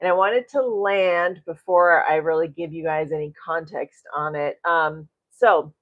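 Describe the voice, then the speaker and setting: A woman's voice: deep voice, steady tone, a little slow, phone-quality sound. A middle-aged woman coaching a live-streamed self-development class, greeting viewers and often tagging her points with "right?" and a chuckle.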